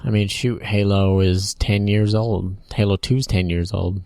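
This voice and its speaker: A man's voice: lowish voice, fairly even intonation, measured pace, a little mellow, no room sound, studio quality. A man co-hosting a casual podcast, joking around and tossing in wisecracks. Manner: joking, laughs a lot, wisecracks. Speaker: podcast co-host.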